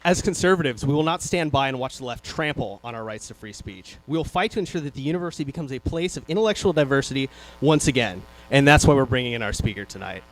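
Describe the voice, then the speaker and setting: A man's voice: medium pitch, expressive, fast. A young man, vice president of a student club, giving an indignant, rousing introduction speech at a rally on stage in a hall. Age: young adult.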